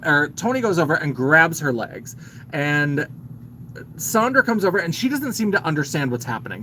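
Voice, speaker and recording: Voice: medium pitch, fairly bright tone, slight background noise, poor audio. A man hosting a live stream, casually retelling a film's plot in a chatty, filler-heavy way and greeting viewers as he goes. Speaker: host.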